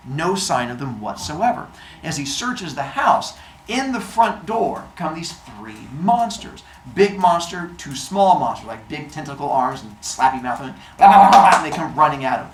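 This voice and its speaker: A man's voice: on the high side, big pitch swings, normal speed, slight background noise. A man casually and playfully retelling a myth for laughs, adding silly sound effects, recorded in a roomy space. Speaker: storyteller.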